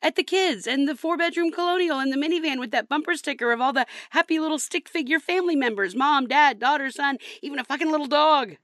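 A woman's voice: high-pitched, fast talker, hardly any pauses, fairly bright tone, no room sound, clean studio sound. An actress playing a heartbroken young woman, telling her story in a bitter, sarcastic, rambling way. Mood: despairing. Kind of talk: comedy sketch acting.

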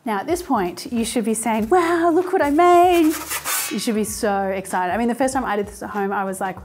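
A woman's voice: mid-range voice, darkish tone. A woman hosting a cooking show, chatting casually and explaining each step in an upbeat way as she cooks in a kitchen. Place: home kitchen.

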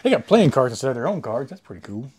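A man's voice: medium pitch, big pitch swings, fast, a little mellow, a little hiss or hum. A man in the middle of his range talks loosely as he opens a box of cards. He swears often and makes crude jokes. He speaks right into a close mic that he says he sometimes overloads. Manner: crude joking, swears freely, rambling. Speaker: host opening a card box. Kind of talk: casual chat while unboxing.

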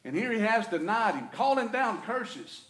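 A man with a Southern US accent preaching a sermon as pastor, folksy and swinging between loud and quiet. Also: high-pitched, big pitch swings, moderate pace. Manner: folksy preaching, rising and falling in intensity. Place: church sanctuary. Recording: echoey church room.

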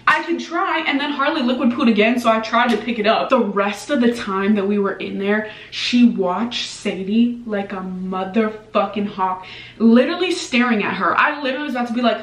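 A young woman telling a story in a casual vlog, animated and swearing freely, with lots of "like" fillers. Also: fairly high pitch, moderate pace. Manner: animated, profane, lots of "like" and reenacted dialogue. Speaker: vlogger. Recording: echoey room, mic at a distance.

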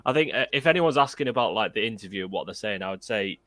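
A man's voice: on the low side, animated, fast, fairly bright tone, no room sound. A man on a live fan stream panel chiming in with easygoing, chatty comments. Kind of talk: casual live-stream chat.

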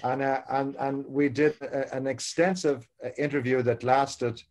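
A man's voice: mid-range voice, fairly even intonation, a little slow, a little mellow. Stammering Irish American man telling stories. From Ireland. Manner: stammering, repeats words, anecdotal. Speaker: producing director, moderator. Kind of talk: talkback Q&A on a video call.

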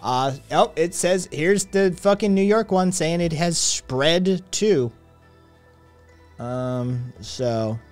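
A man's voice: on the high side, slow pace, darkish tone, faint music behind. A man streaming live, chatting casually with viewers in a rambling, sarcastic way, with lots of swearing and filler words.

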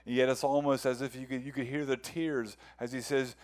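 Preaching earnestly, the man repeats words as he develops each point and reads scripture with slow, heartfelt care. His pitch is medium and his tone stays level.

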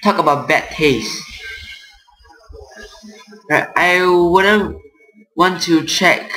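A gameplay reaction streamer chats casually while playing a horror game, reading the game's text aloud as he goes. His voice runs on the high side, pushed and bright, and the room sounds echoey.

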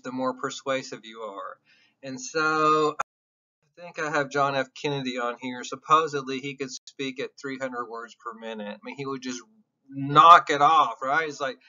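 A Southern-accented man lectures a class casually and bluntly, swearing freely. His voice is bright and edgy, and the recording sounds dull and lo-fi. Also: medium pitch. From American South. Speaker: college instructor.

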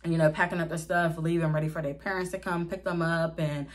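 A young woman with a fairly low voice tells a storytime vlog in a loose, chatty way. She talks straight to her viewers, calls them y'all and tells things candidly and with drama. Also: flat delivery, brisk. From Pittsburgh area, USA. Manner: candid, dramatic retelling with slang. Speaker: vlogger. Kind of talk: casual storytime.

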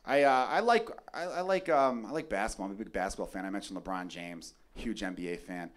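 A man from Chicago performing a profane, excitable stand-up comedy set on a club stage, with a handheld mic. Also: on the low side, fairly quick. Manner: brash, profane, excitable bits. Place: comedy club stage before a live crowd. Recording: live club recording with crowd laughter. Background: audience laughter.

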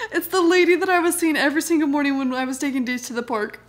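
A woman's voice: high-pitched, brisk. A young woman casually telling a story to camera, chatty and laughing as she goes. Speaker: vlogger.

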